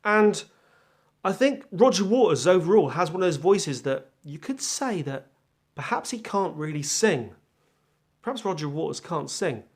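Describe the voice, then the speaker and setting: A man with a voice on the high side hosts his own music channel, giving a casual first-impression chat about an album. He's self-deprecating and thinks aloud as he goes.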